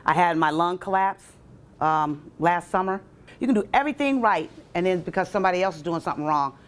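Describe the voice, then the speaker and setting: Woman stand-up comedian, lively onstage delivery, bantering with the audience. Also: fairly quick. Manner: animated, jumps into quoted voices with sharp pitch leaps; banters directly with audience members. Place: college event stage before a live audience.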